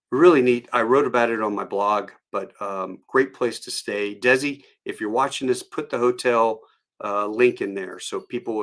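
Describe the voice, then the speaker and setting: A middle-aged man swaps a travel story in a loose, conversational way. He drifts into tangents and pauses on fillers as he recalls the details. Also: lowish voice, a bit bright. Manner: rambling and digressive, with many fillers. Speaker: storyteller, airline pilot. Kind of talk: casual anecdote on a solo live stream.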